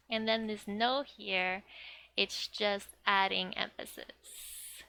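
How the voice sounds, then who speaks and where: A woman's voice: medium pitch, fairly even intonation, extremely slow, creaky, bright, forceful tone. A young woman giving a casual, chatty language lesson, often laughing and leaning on "like". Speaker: language teacher.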